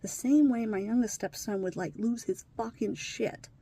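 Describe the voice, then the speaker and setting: A deeply upset woman speaking bluntly as she tells a personal story to her camera, swearing freely and often sinking to a whisper. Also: moderate pace, dark tone, slightly rough. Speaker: vlogger sharing her life with trauma.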